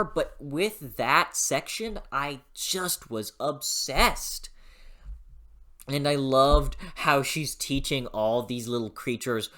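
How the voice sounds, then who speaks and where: A book reviewer in a casual vlog who gushes excitably about a novel and swears casually. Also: mid-range voice.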